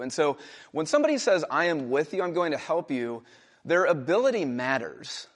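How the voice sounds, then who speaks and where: A man's voice: fairly high pitch, sing-song, normal speed. A young adult man, a pastor, preaching a sermon in a conversational storytelling way, raising his voice for emphatic quotations. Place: church.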